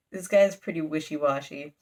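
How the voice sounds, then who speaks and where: A woman's voice: low voice, darkish tone. Chatty young woman rambling through a recap. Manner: rambling and chatty, full of "like" fillers; briefly dramatizes character lines mid-story. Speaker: YouTuber reviewing manga. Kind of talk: casual manga recap.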